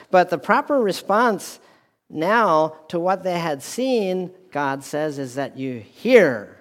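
A man delivering a sermon in a slow, measured way, his voice sitting a little higher than most men's. He repeats key phrases and restarts lines as he preaches. The sound carries a long hall reverb, as from a church with a speaker system. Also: expressive. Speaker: pastor.

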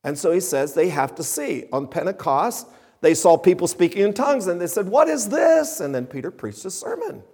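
Man, preacher, sermon, emphatic swings in delivery, fairly high voice, reverberant hall. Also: big pitch swings, a little fast, a little mellow, slightly rough. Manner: emphatic, rising and falling delivery.

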